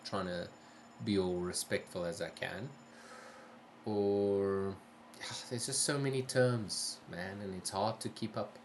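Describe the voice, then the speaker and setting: A man hosting a live gaming stream talks in an unhurried, drawn-out way with a somewhat low voice. He chats casually, asks lots of careful, polite questions and sounds a little tired. A faint hum sits behind him. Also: steady tone. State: tired, yawning. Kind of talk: casual live-stream chat, reading chat aloud.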